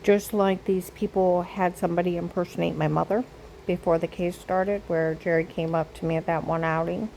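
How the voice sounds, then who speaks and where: Gravelly older woman telling a long story. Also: on the low side, fairly even intonation, normal speed, a little mellow, a little hiss or hum, low-quality recording. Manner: repetitive storytelling. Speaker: vlogger. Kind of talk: rambling personal monologue.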